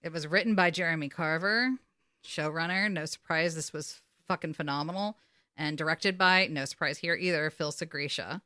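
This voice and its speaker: A woman talks through a TV episode in casual podcast chat. She swears freely and gets emotional as she retells scenes. Her voice is bright and forceful, and the recording is dry and close. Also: low-pitched, moderate pace, no echo. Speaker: podcast co-host.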